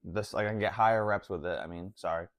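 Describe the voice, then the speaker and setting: A man's voice: deep voice, fast talker, no room sound, clean studio sound. A man vlogging about fitness in a casual, slangy way, full of "like" and "honestly.". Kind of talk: casual talk to camera.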